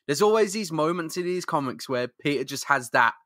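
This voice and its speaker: A man's voice: fairly high pitch, lively intonation, a little fast, fairly bright tone, no echo, clean studio sound. A man co-hosting a podcast, trading slangy, laughing banter about a comic. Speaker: podcast co-host. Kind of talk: casual comic chat.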